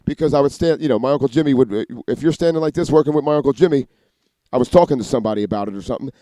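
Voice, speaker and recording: A man rants in a rapid, profane monologue, restarting his sentences and leaping from one idea to the next. His voice is dark and mellow at an ordinary pitch, recorded close and dry. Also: dry recording. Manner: rapid, profane, restarts and jumps between ideas. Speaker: vlogger. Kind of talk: rambling monologue to camera.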